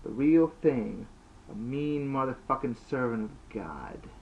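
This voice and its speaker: A man voicing a gruff, tough-talking priest who speaks in a blunt, folksy way. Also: medium pitch, expressive, a little slow, voice pushed up. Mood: bold. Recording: dull lo-fi with faint hiss.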